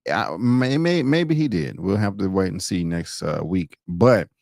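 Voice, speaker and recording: A man co-hosting a casual TV review chat, hesitant, with many pauses and repeated words. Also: sits low, lively intonation, a little mellow, no echo. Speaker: co-host reviewing a TV episode.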